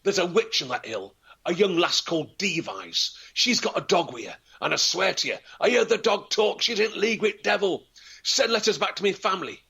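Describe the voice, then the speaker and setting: A man's voice: fairly high pitch, sing-song, moderate pace, vocal fry, slightly rough, voice pushed up, full character voice. A man doing a frightened old peddler. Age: 50s. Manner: shouting, agitated. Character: old male peddler, gruff then terrified.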